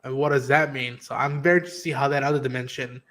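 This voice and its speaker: A man hosts a casual review stream full of spoilers, speaking quickly in a mid-range voice. He's animated and swears a lot, acting out quotes as he talks.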